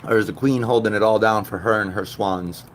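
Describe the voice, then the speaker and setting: A man in his thirties from Puerto Rico, chatting and joking with viewers on a live stream, jumping from loud outbursts to low mutters. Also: fairly even intonation, a little fast, noisy background. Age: 30s. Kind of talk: casual live-stream chat.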